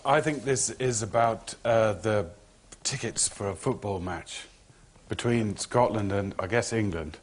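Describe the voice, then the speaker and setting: A man's voice: on the low side, measured pace. A man who is an actor and a guest on a panel show, talking in a hesitant, amused way. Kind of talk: comic panel banter.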